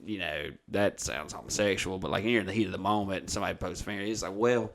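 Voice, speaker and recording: A man's voice: low voice, fast talker, a little hiss or hum. A man from Alabama with a Southern accent, a podcast host rambling through a comedic story and swearing freely. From Oxford, Alabama. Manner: profane, rambling, animated retelling of conversations.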